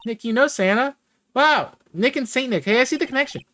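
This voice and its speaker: A streamer voicing an excitable, bubbly teenage girl sidekick. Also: medium pitch, fast, voice pushed up. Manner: bubbly, exclamatory.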